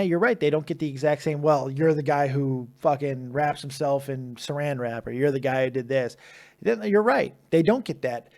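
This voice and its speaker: A man's voice: a little high, a little mellow. A man hosting a live call-in stream, chatting casually, swearing often and laughing, with plenty of restarts. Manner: profane, laughing, rambling with restarts. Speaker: host of a live call-in show.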